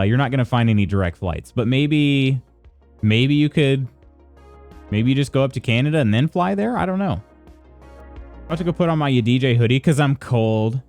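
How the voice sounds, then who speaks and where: A casual American man hosting a live stream, talking to his viewers in a loose, rambling way. His pitch leaps around with a lot of life, and faint music plays underneath. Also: darkish tone. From United States. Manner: chatty, greets viewers by name, reads chat aloud.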